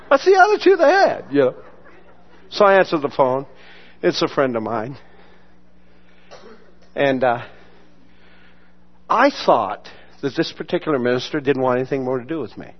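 A man's voice: mid-range voice, sing-song, normal speed, long pauses. Storytelling male pastor, muffled recording. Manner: storytelling, acts out quoted voices, laughs often. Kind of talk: sermon testimony.

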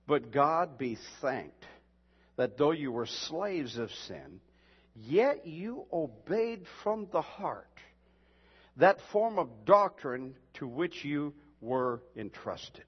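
A pastor preaching a sermon and reading scripture, emphatic and building to shouts, with slow, drawn-out reading of the verses. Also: male voice, a little high, big pitch swings, breathy edge. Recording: dull lo-fi sound in a reverberant hall.

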